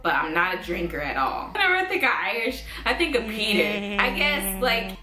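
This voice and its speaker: A woman's voice: mid-range voice, sing-song, moderate pace, sharp tone, echoey room, faint music behind. A woman in her twenties vlogging casually to camera, rambling and thinking aloud with lots of fillers. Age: 20s.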